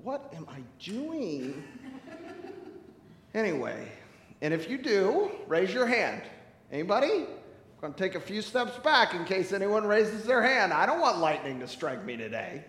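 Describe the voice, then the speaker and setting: A man with a high voice preaches to his congregation, with lots of rise and fall in his pitch. He is playful and teasing and talks directly to the people in the pews. The recording carries the echo and long reverb of a church hall. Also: sing-song, unhurried, fairly bright tone. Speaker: pastor. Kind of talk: sermon. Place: church sanctuary.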